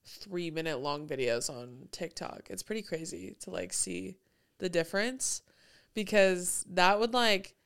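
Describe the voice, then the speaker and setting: Chatty young woman, bright clear voice. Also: on the low side, unhurried. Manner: chatty, heavy use of "like", laughs often. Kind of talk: casual chat.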